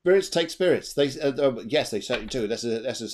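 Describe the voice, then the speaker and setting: A man giving live psychic readings as co-host of an online show, chatty and animated, repeating himself as he goes. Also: medium pitch, fast, a little hiss or hum. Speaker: medium and co-host. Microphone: video call.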